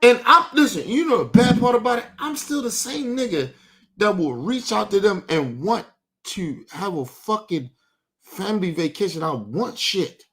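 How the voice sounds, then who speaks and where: A young man, ranting emotionally and profanely on a live stream, dropping low and quiet, then bursting out loud. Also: animated, normal speed.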